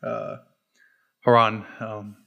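A man's voice: on the low side, completely flat delivery, extremely slow, lo-fi sound. A young man co-hosting a podcast who steers the casual conversation with dry wisecracks. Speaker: podcast co-host steering topics. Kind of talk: casual chat among friends.

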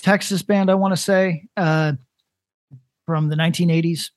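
A man in his thirties co-hosting a casual comedic podcast, rambling in a deadpan way with lots of restarts. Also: a little high, moderate pace, dry recording. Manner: rambling, deadpan, building to a prank. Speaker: podcast co-host.

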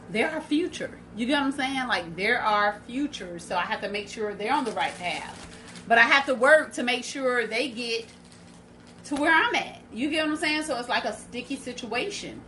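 A woman's voice: on the high side, sharp tone, slight background noise, poor audio. A woman in her thirties with a Southern American accent, hosting a casual live stream and chatting directly to her viewers.

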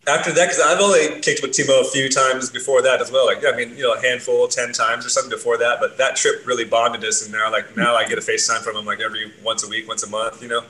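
Here the bassist rattles through his road stories at a quick clip with hardly any pauses, cursing freely and keeping it casual. His medium-pitched voice is bright and forceful, with fairly even intonation. A roomy echo and faint noise sit behind him.

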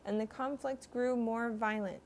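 Woman, higher-pitched, steady scripture reader. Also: slight background noise. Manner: measured, earnest storytelling. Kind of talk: scripted Bible reading.

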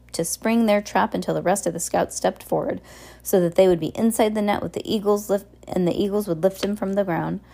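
A woman reading a novel aloud in a plain, unhurried storytelling manner. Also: medium pitch, vocal fry, dark tone. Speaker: reader.

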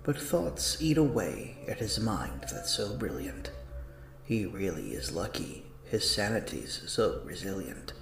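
A man narrating a rhyming holiday story in a playful, sing-song way, with soft whispered asides. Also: on the low side, big pitch swings, unhurried, vocal fry, roomy sound, slight background noise.

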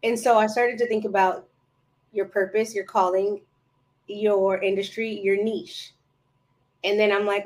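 Woman podcast guest, casual chat, lively storyteller who plays out old conversations. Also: mid-range voice, measured pace, pauses often. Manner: animated storyteller, acts out her own past dialogue.

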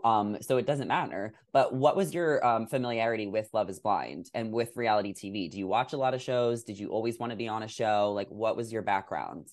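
A man's voice: fairly low pitch, a little fast, hardly any pauses. A congested man hosting a casual podcast interview, talking in a reassuring, chatty way and asking questions. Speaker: podcast host.

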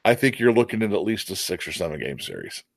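A man's voice: deep voice, very animated, quick pace, gravelly, no room sound. A man co-hosting a sports podcast, making earnest, analytical points with some stammering. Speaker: podcast co-host. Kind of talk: casual sports podcast chat.

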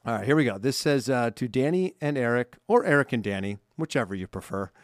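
A man's voice: medium pitch, animated, fast talker, dry recording, clean studio sound. A man co-hosting a holiday podcast, reading listener cards aloud in a chatty way and laughing often. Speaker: podcast co-host. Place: studio. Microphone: studio microphone.

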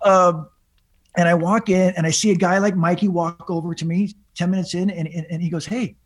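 Rambling storytelling man, bit high. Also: little pitch movement, brisk. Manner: rambling, many restarts and repeated words. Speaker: podcast guest. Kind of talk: storytelling in casual chat.

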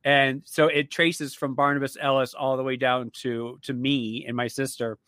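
A man's voice: medium pitch, level tone, normal speed, a bit bright, no echo. A man in casual chat, telling a story plainly and without hurry.

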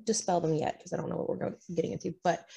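A woman playing a tabletop game, chatting in a playful, animated way. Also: on the low side, rapid-fire, gravelly, husky. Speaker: player.

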